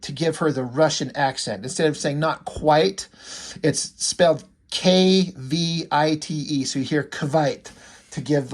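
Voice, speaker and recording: A man talking casually and with enthusiasm as he reviews a comic, rambling a little and using lots of fillers. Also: on the high side.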